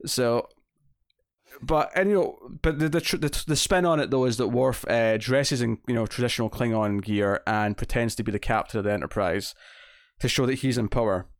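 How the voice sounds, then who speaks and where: A man's voice: mid-range voice, moderate pace, no room sound, studio quality. A man co-hosting a podcast. He chats casually and rambles, with many fillers and restarts. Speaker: podcast co-host. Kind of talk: casual chat.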